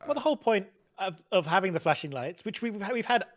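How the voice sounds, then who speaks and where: A man co-hosting a live watchalong, chatting casually in an animated, exasperated way. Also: sits high, fast. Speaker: co-host.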